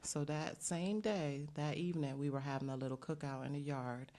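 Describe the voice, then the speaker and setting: A woman's voice: low voice, fairly even intonation, moderate pace, mellow. A middle-aged woman from the United States, talking as a guest in an interview and telling an earnest story with many fillers. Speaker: bakery owner, guest.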